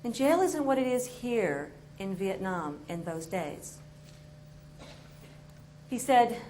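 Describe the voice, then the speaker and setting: Animated New woman telling a story. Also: mid-range voice, slow, pauses often, a little hiss or hum. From New York. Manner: animated, self-mocking, expressive. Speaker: motivational speaker. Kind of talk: storytelling speech to an audience.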